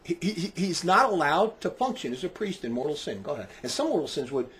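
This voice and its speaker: A man in his sixties preaching with passion, dropping to low quiet remarks and rising to shouts. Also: big pitch swings, fast. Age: 60s. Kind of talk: fiery preaching talk.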